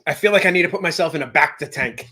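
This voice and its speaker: A man's voice: fairly high pitch, racing, noisy background. A man co-hosting a casual live show over a video call, groaning and gasping through a hot-sauce challenge. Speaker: co-host. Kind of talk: casual chat.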